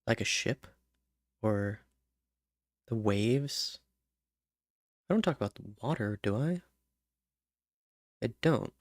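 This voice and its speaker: A man talks to himself slowly and unhurriedly while working out song lyrics. He mutters candidate rhymes, hums nonsense syllables and weighs each word. The recording is dry and close. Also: mid-range voice, expressive, no room sound. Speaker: songwriter. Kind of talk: thinking aloud while writing lyrics.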